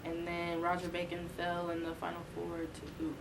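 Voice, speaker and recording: A woman's voice: lowish voice, completely flat delivery, moderate pace, gravelly. A young woman on a sports chat show reading out season stats in a matter-of-fact way. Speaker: researcher and intern. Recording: distant mic with background noise.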